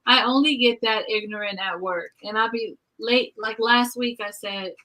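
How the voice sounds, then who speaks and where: Animated young woman telling stories. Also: on the high side, moderate pace, rough recording. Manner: animated storyteller, acts out dialogue. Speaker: podcast co-host. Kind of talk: casual chat, storytelling.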